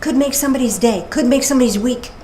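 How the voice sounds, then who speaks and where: A woman minister giving a casual, playful sermon with animated asides. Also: sits high, fast talker. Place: church service. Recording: echoey room with faint noise.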